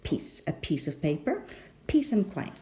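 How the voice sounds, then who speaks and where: A woman's voice: lowish voice, very animated, unhurried, warm tone, a little hiss or hum. A woman with a rhotic English accent teaching a pronunciation lesson, patient and often checking in with the learners.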